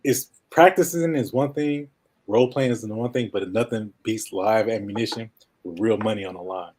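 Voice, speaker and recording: A man with a somewhat low, nasal voice chats as a guest in a relaxed interview. He talks fast, runs his words together at times and laughs easily between thoughts. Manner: fast-talking, sometimes mumbles, laughs often. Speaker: podcast guest. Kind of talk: casual interview chat.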